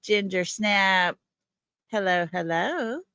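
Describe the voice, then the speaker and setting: A woman's voice: mid-range voice, lively intonation, slow, sharp tone, clear, resonant tone, no echo. A woman hosting a livestream, greeting viewers one by one in a folksy way. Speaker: livestream host. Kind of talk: casual livestream chat.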